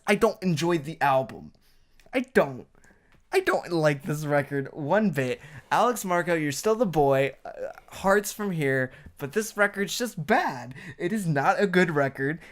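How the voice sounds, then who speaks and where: Man, podcast co-host, casual album review, blunt, profane, heated. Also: high-pitched.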